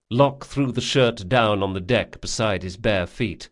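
A man reading a novel aloud in an expressive, measured storytelling manner. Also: on the low side. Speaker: audiobook narrator. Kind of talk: audiobook narration.

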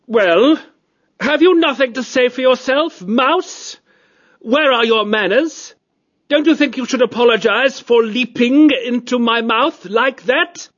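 A man narrating a storybook and voicing a cultured, disdainful male cat aristocrat with a high, reedy tenor voice. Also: very animated, unhurried, lo-fi sound, full character voice. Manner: fussy, disdainful, plummy.

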